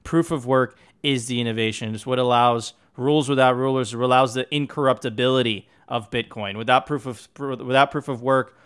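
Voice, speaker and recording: A mid-pitched man hosts a casual podcast with plenty of enthusiasm and swearing. He often trips over his words and repeats them as he talks. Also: steady tone, moderate pace, few pauses, a bit bright, clear, resonant tone. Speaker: podcast host. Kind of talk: casual chat.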